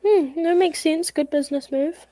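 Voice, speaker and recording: A woman at a tabletop game who plays a detective in a measured, questioning way. Her voice sits fairly high, and the sound is close and dry. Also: warm tone, dry recording. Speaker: player.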